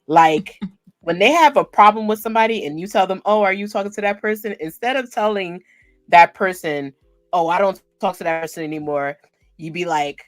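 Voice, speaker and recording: A woman from Africa co-hosting a casual wrestling chat, lively and slangy, with frequent laughs. Her voice is heard close in a dry, deadened space with no room sound. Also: on the low side, fairly quick, no room sound. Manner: animated, laughs often, slangy. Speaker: podcast co-host.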